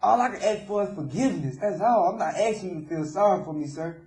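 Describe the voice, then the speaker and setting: A man's voice: sits high, lively intonation, fast, a little mellow, reverberant. A young man, speaking remorsefully in a jailhouse interview and often calling the interviewer sir. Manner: remorseful, repeatedly saying sir. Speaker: jailed suspect being interviewed.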